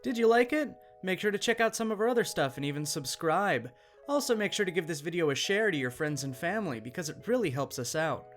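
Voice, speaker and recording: A man reading out a written story as the channel's narrator, in an even, matter-of-fact way. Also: high voice, fast. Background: faint guitar music.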